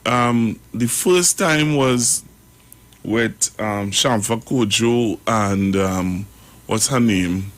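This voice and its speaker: A man hosting a radio talk show, rambling and halting as he comments. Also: on the low side. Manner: rambling, halting, full of fillers and restarts.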